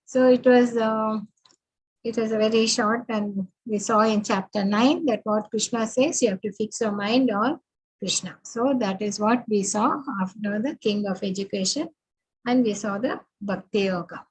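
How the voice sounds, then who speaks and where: A woman teaching an online scripture class over a video call, unhurried and full of fillers as she walks through her slides. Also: mid-range voice, breathy edge, rough recording. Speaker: spiritual teacher.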